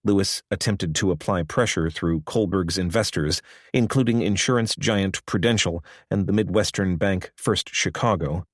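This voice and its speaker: Low-voiced man narrating an audiobook. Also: husky, no echo. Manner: measured, even storytelling. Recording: dry close studio recording.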